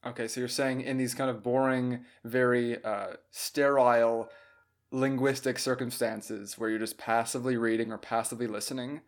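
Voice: medium pitch, little pitch movement, moderate pace. A podcast host who sums up the guest's points and asks curious follow-up questions, now and then with a playful joke. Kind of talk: casual podcast interview.

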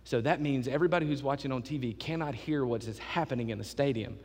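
A man preaching a sermon, telling a lively, joking story to his church. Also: mid-range voice, fast, in a large hall.

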